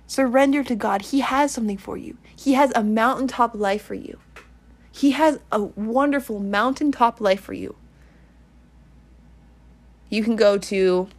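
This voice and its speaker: A woman preaching to her online listeners in a casual, earnest way, circling back over the same points and leading them in prayer. Her voice sits at an ordinary middle pitch. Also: moderate pace. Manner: earnest, repetitive, rambling exhortation.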